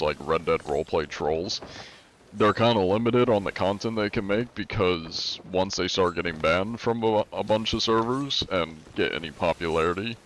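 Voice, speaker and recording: A male streamer chatting casually while playing, rambling and padding his sentences with filler. His voice sits on the low side, with faint noise underneath. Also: fairly bright tone. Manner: rambling, many filler likes. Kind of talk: casual live-stream commentary.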